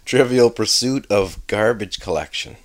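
Lively man guessing trivia. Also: on the low side, measured pace. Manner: lively, easily amused, chatty. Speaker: co-host answering trivia. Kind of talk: casual chat.

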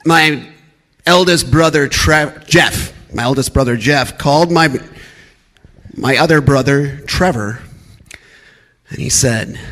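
Slow, halting man telling a story. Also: medium pitch, fairly bright tone. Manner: halting, gathering his thoughts. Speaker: storyteller at a live story slam. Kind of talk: live storytelling.

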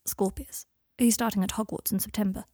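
A woman voicing a gentle, guarded young father, speaking softly and tenderly, with a clipped reserve. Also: mid-range voice, steady tone, brisk, no echo, clean studio sound, lightly acted. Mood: reserved.

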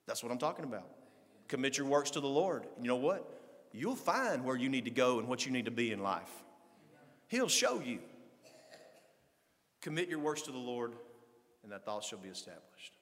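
A male pastor preaching a sermon, swinging between loud, fervent passages and low conversational asides. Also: expressive, brisk, big-room sound.

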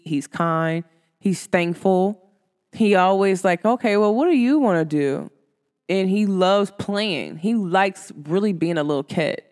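This podcast host, a woman in her thirties, speaks casually and with animation to her listeners, voicing quotes through large leaps in pitch. She sounds as if she is in a large hall.

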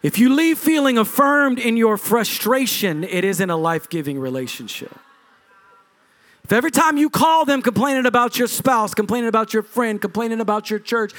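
A middle-aged man preaching a sermon as lead pastor, driving his points with punchy repetition and swings in pitch and loudness.

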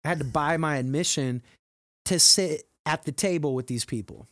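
A man's voice: a little high, normal speed, no echo, studio quality. A man hosting a podcast in casual chat, teasing and prodding his co-host to tell stories.

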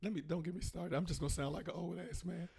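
A man from Maryland, a comedian guest in a casual podcast chat, ranting in slangy, animated bursts with mocking impressions. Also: fairly high pitch, fast, gravelly, slightly rough. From Prince George's County, Maryland.

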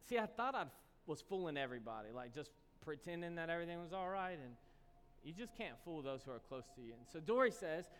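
A man's voice: fairly high pitch, very animated, fast, clean tone. A man preaching a sermon as pastor, telling a personal story and then building to an impassioned appeal to his church. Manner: storytelling, rising to impassioned exhortation. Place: church hall. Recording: echoey hall with faint noise.

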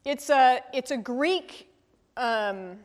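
This woman's voice is high-pitched and extremely slow as she teaches scripture in a conversational way. Leading a Bible study, she thinks out loud and keeps checking in with the group with a frequent "right?", all captured with a long hall reverb.

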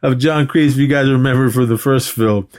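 A male podcast co-host briskly recaps a film scene by scene in a casual chat, his medium-pitched voice steady and darkish in tone. He swears freely and acts out the quotes.

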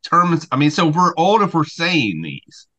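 Lively, bright-voiced bantering man. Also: fairly high pitch. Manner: animated, playful, quick to banter. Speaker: podcast co-host. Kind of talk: casual chat.

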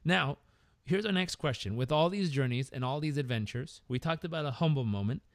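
A man's voice: a little high, animated, a little fast, dry recording, studio quality. Affirming male podcast host. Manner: affirming, gently enthusiastic. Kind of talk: casual interview chat.

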